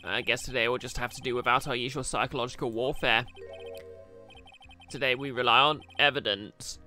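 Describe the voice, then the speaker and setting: A man voicing an earnest young male defense lawyer in a video game, steady and lower-pitched. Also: brisk, faint music behind. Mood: determined.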